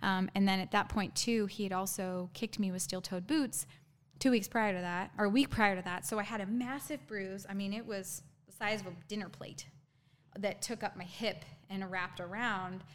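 A woman with a medium-pitched voice is a guest in an interview, telling her own story candidly. She speaks haltingly, with frequent ums and restarts.

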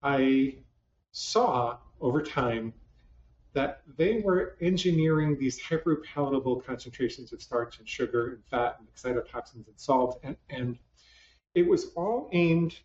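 A man's voice: medium pitch, a little mellow. A man, a psychologist, giving a conversational talk to a live audience with self-deprecating humor and many restarts, recorded in a hall. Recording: roomy, distant, dull lo-fi hall sound.

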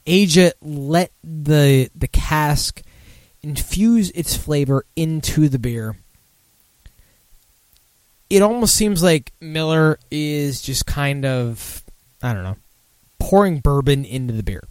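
Drunk man rambling on a slow podcast. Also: fairly high pitch, a little mellow, dry recording. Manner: rambling, swearing, losing his thread. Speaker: podcast host. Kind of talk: casual beer talk show.

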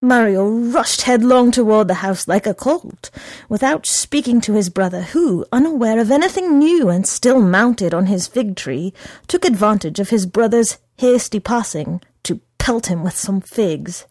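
A woman reading a story aloud in an expressive, measured storytelling manner. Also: medium pitch, no room sound. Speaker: reader.

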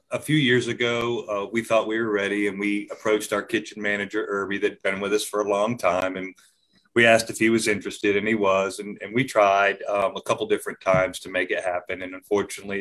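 A man's voice: lowish voice, level tone, a little fast, a bit bright. Easygoing man guest. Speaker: guest, restaurant owner. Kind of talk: casual interview.

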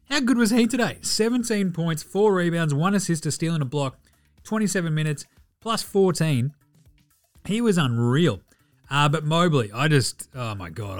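A slightly high-voiced Australian man hosting a basketball podcast in a loose, profane, joking way. He rattles off stats and slips into quick mock voices, with faint music running underneath. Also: gravelly. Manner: profane, joking, mimics players in asides. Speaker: podcast host. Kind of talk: casual sports chat.

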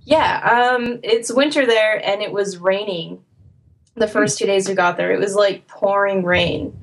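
A woman's voice: mid-range voice, unhurried, slight background noise. Chatty American woman co-host. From United States. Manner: chatty, laughs often, quotes people in lively voices. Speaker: podcast co-host. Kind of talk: casual chat.

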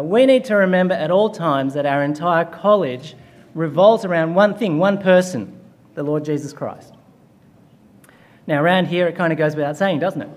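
A man preaching a chapel sermon, telling a story with light humor before working through a passage. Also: fairly high pitch.

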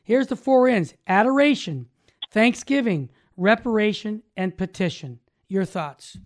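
A man's voice: high voice, expressive, a little slow. Enthusiastic Catholic talk host, man. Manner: enthusiastic, affirming, reads prayers aloud. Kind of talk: devout Catholic talk show conversation.

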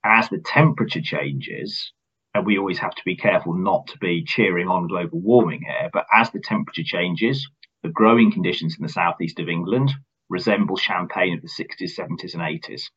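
Brief: deep, husky man, finance executive, measured answers, dull muffled recording. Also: fairly bright tone. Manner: measured, earnest, repeats words at starts. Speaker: company finance chief. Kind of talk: business interview answers.

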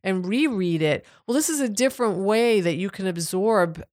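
A woman's voice: medium pitch, lively intonation, moderate pace, darkish tone. A woman co-hosting a podcast in casual, agreeable chat. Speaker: podcast co-host.

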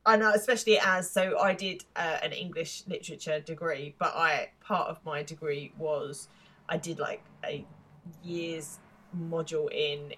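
A woman's voice: sits low, steady tone, unhurried, a bit bright. A young woman co-hosting a podcast, chatting casually and rambling with many restarts. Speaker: podcast co-host. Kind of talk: casual chat.

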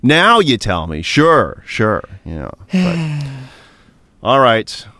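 A man hosting a casual podcast, chatty and animated as he recaps results. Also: medium pitch, slow pace, no echo. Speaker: podcast host.

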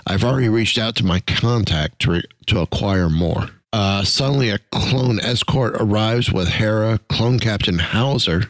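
A man with a fairly low voice talks through a show recap in a loose, stop-and-start way. He trips over names and restarts words often. The sound is dry and close. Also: no room sound. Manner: halting, restarts words, fillers. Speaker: podcast host recapping an episode. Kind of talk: casual chat and episode recap.

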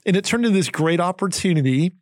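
A man in his forties hosts a podcast and talks in a friendly, affirming way. His voice sits a little high for a man, and he laughs easily. The recording is dry and close to the mic. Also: expressive, quick pace, no room sound. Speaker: podcast host, children's ministry leader. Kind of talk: casual podcast conversation.

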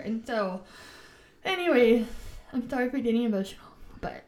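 A woman's voice: a little high, lively intonation, moderate pace, darkish tone. A woman from the United States co-hosting a casual podcast, talking earnestly and with emphasis, with frequent "like" and "you know" fillers. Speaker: podcast co-host.

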